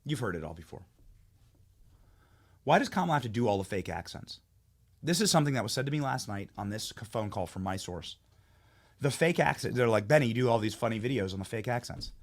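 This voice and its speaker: A man's voice: medium pitch, animated, a little fast, long pauses. A man hosting a political commentary show, talking in a heated, mocking, emphatic way. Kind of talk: opinionated commentary monologue.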